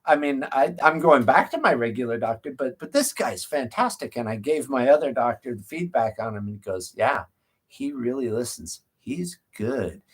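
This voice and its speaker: A man's voice: mid-range voice, sing-song, a little fast, hardly any pauses, fairly bright tone, slightly rough. Guy therapist rambling through a story on a livestream, chatty, lots of restarts. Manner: rambling and conversational, with frequent restarts. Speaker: therapist running a practice. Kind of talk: casual live-stream storytelling.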